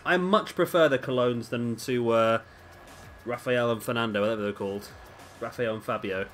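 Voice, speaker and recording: A man's voice: medium pitch, normal speed, fairly bright tone, faint music behind. Chatty man commentating a game. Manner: chatty, rambling, corrects himself. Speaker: gaming commentator.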